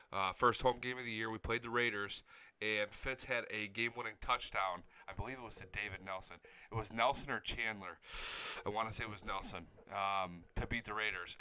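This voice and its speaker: Excitable man talking football, bright voice. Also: on the low side, clear, resonant tone. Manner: excited fan, swears, talks back to the footage. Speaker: sports channel host. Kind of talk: casual sports chat over game highlights.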